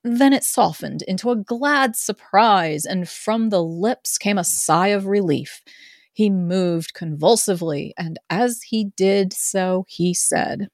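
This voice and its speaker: A woman reads a classic novel aloud in a relaxed group session. Her delivery is expressive with a playful edge, in a mid-pitched voice, recorded dry and close. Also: takes it slowly, dry recording. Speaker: narrator in a group reading. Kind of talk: casual amateur reading of a novel.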